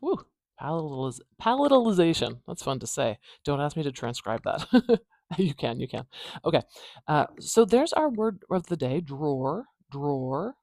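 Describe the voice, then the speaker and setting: A speaker with an Atlantic Canadian accent teaches phonetic transcription in a mid-pitched voice. They sound out example words slowly and repeatedly, with light, playful asides. The recording is dry and close, with no room sound. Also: sing-song, darkish tone, no room sound. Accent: Atlantic Canadian English. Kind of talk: IPA transcription lesson.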